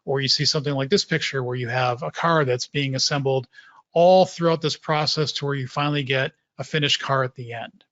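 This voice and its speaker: A man presenting a technical talk to developers, explaining in a relaxed way and repeating points for emphasis. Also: mid-range voice, fairly quick, no echo, lo-fi sound.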